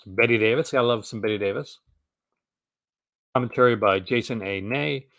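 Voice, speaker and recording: A man's voice: medium pitch, moderate pace, gravelly, fairly bright tone, dry recording, studio quality. A man with a Canadian accent, hosting a casual chat and rambling with frequent restarts. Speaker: host.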